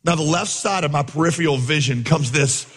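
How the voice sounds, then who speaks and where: Husky-voiced preacher in a big reverberant hall. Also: male voice, a little high, fairly quick. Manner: animated storyteller, acting out his own shouts as coach. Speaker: pastor. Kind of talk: sermon with a comic story.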